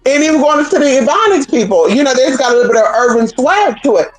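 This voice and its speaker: A woman's voice: high-pitched, lively intonation, fast talker, few pauses, faint music behind, poor audio. A woman talking to her stream in a casual, profane, rambling rant, calling her listeners "girl" and asking "hello?". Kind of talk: casual ranting monologue.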